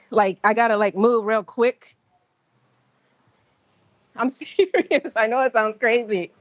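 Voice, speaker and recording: A woman's voice: fairly high pitch, takes it slowly, pauses often, no room sound. A woman chatting casually on a livestream from the gym, telling stories in slang with laughs and acting out other people's lines. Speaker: livestream host.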